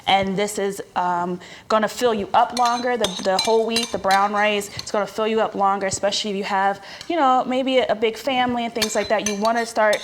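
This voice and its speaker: A woman's voice: mid-range voice, fairly even intonation, a little fast, background noise. A woman chef giving a cooking demonstration, explaining each step in a chatty, instructive way.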